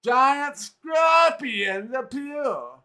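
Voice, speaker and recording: A man voicing a scowling, gruff male trapper who drawls and shouts his lines slowly. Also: very high voice, animated, voice pushed up, heavily acted. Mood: shouting. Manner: loud, drawn-out shouting.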